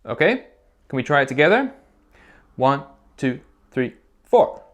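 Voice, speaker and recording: In a muffled recording, a middle-pitched male music teacher with big pitch swings and a slightly bright tone leads young children through a recorder lesson video. He's patient and encouraging, taking each step in turn and checking in with a quick "okay?" every few phrases.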